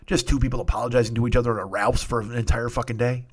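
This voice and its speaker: Brief: middle-aged male host, mid-pitched, swears constantly, excitable and rambling. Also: racing, slightly rough. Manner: profane, excitable storyteller. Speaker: podcast host. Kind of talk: rambling comic monologue.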